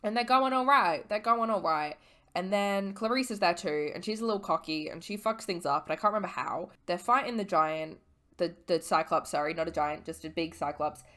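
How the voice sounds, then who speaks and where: A tipsy woman recapping a book series in casual, animated chat, swearing freely and using slang. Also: lowish voice, brisk. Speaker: vlogger.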